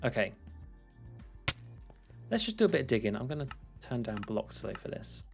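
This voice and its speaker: With faint music behind him, a young Englishman chats casually while gaming, rambling, poking fun at himself and laughing a lot. He has a medium pitch, a sing-song delivery with vocal fry, and speaks at normal speed.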